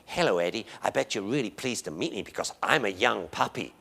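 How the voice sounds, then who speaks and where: A man's voice: on the low side, expressive, fairly quick, gravelly, pushed and bright, slightly rough, voice pushed down, exaggerated voice. A man voicing an eager young male puppy, chirpy and self-assured as it greets an older dog. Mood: cheeky.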